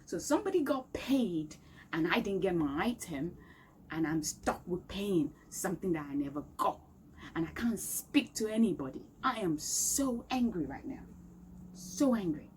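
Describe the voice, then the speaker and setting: In a low-quality recording made in a room of her home, a woman delivers an emphatic, exasperated rant to camera. Her mid-range voice has a darkish tone, and faint street noise can be heard from outdoors.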